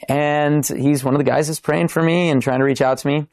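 A man's voice: medium pitch, steady tone, normal speed, hardly any pauses, a little mellow, no echo. A man in his thirties, a podcast guest telling his faith testimony in an earnest, restart-filled storytelling way. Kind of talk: testimony in casual interview.

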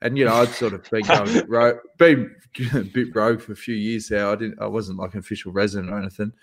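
A man co-hosting a casual podcast, telling a story with lively acted-out voices. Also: lowish voice, fast talker. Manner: animated, acts out voices in his stories. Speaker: podcast co-host.

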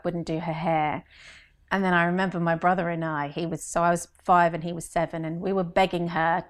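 A woman, a guest in an interview, telling chatty stories and acting out quotes. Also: on the low side. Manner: chatty storytelling, acts out quotes. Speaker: guest, brand consultant. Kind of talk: conversational interview.

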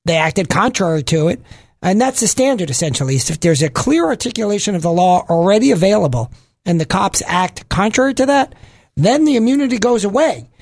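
A man, a law professor guest on a radio show, explaining legal points in a measured way. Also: high voice, lively intonation, no echo.

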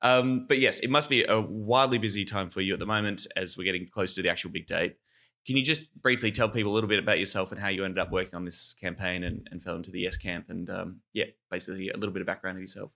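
Male podcast host, lower voice, bright edge, jokey and upbeat. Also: fairly even intonation, fast talker, gravelly. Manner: upbeat and jokey, with easy laughter. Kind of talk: conversational podcast hosting. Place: recording remotely from abroad.

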